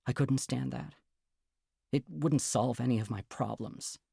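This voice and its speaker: A man reading the part of a fragile, anxious young woman in a storybook reading, earnest and quietly pleading. The voice has a gravelly, fry-edged grain at a middling pitch. The sound is dry and close, with no room around it. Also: unhurried, dry recording, exaggerated voice. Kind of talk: audiobook character reading.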